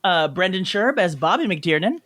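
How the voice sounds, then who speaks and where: A man's voice: high-pitched, very animated, moderate pace, fairly bright tone. A man hosting a podcast reunion over a video call, chatty and laughing often. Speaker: podcast host. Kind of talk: casual video-call chat.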